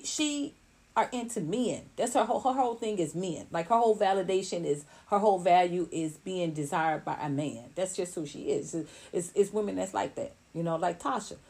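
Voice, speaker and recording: Blunt, animated woman giving gossip commentary. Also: lowish voice. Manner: animated, blunt, rising to heated outbursts. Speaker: commentary vlogger.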